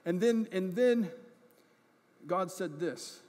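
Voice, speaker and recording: At a slow pace, a high-voiced male pastor and adult parent tells personal stories in a chatty sermon, often asking "right?" and "okay?" to check in. He's self-deprecating and gets animated when the moment turns funny. He's recorded in a reverberant church sanctuary with church hall reverb.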